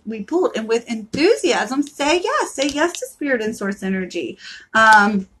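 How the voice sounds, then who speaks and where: A woman's voice: on the high side, a bit bright. A woman from Florida giving live tarot card readings in a brash, profane pep-talk manner.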